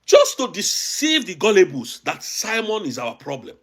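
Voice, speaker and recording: Nigerian male host, high and lively voice, emphatic and agitated commentary with lots of repetition. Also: moderate pace, noisy background. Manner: emphatic and agitated, repeating phrases. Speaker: online show host. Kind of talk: impassioned political commentary. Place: abroad, recording a video.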